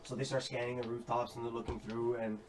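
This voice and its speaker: A game master narrating a tabletop game with animated storytelling and acting out characters, over background music. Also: mid-range voice, fast talker, distant mic, rough recording.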